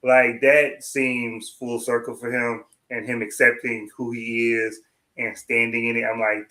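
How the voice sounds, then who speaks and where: A man chatting casually about a TV episode, relaxed and conversational, acting out his own reactions. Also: mid-range voice, a little slow. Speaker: TV recap podcast co-host. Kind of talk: casual chat.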